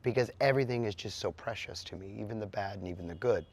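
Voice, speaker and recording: A man's voice: fairly low pitch, quick pace, slightly rough. A middle-aged man, a musician, answering interview questions bluntly and with animation. He swears now and then and mimics sounds with his voice.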